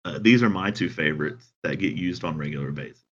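A man with a Southern American accent, chatting casually as a podcast co-host and telling things in a dry, deadpan way. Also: very deep voice, slightly rough. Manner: dry, deadpan storytelling with drawn-out phrases. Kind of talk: casual chat. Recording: dull lo-fi sound.

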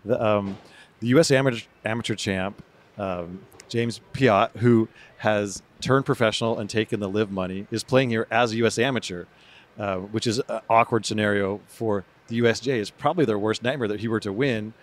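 Low-voiced, upbeat podcast host man. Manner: upbeat, chatty, quick to laugh. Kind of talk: casual podcast chat.

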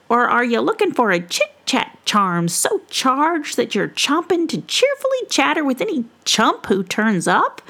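A woman voicing a gentle, wise and playful witch in a breathy, half-whispered story voice. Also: on the high side, pitched above the performer's own voice, heavily acted. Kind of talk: whispered role-play.

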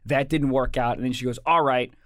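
A young man in casual podcast chat, excitedly telling a story and peppering it with "dude" and "like". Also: medium pitch, fast talker, no room sound, clean studio sound. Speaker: podcast co-host.

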